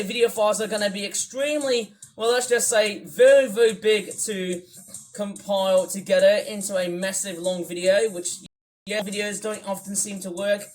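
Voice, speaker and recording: A man's voice: high voice, rough recording. Rambling British man over faint music. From United Kingdom. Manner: wordy, repetitive, swings between loud and mutter. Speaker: YouTuber. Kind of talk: rambling livestream commentary. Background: music playing.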